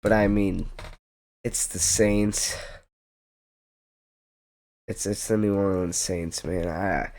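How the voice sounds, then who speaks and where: A young man with a lowish voice rambles through his football picks at an unhurried, drawn-out pace. He trails off, corrects himself and tosses in wry asides. The sound is dry and close, with no room around it. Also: steady tone, darkish tone, no room sound. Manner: rambling, self-interrupting, jokey asides. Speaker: sports predictions vlogger. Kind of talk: casual football picks commentary.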